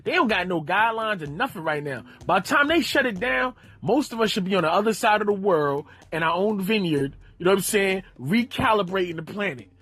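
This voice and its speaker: A man's voice: sits high, expressive, a little fast, hardly any pauses, a bit bright. A man co-hosting a podcast, talking in a casual, joking and emphatic way and often cutting in. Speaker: podcast co-host. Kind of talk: casual chat.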